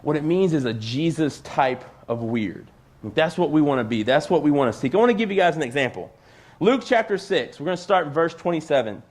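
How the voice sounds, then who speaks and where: A man's voice: a little high, animated, a little fast. A man preaching a casual youth sermon from a church stage, talking conversationally and filling his sentences with "like". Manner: conversational, peppered with "like". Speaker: youth pastor.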